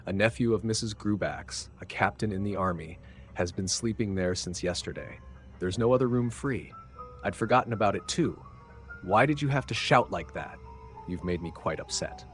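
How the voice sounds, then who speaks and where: A man with a very low voice reads the part of a tired young woman lodger who teases and scolds. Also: moderate pace, soft background music, natural voice. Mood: anxious. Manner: tired, half-amused, scolding. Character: weary young woman lodger, teasing then anxious.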